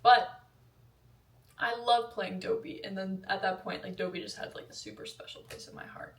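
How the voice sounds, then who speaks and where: A woman's voice: mid-range voice, fairly even intonation, normal speed. A young woman vlogger chatting about a film in a rambling, casual way, full of fillers and asides. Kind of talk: casual film review monologue. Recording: roomy echo, voice a bit far from mic.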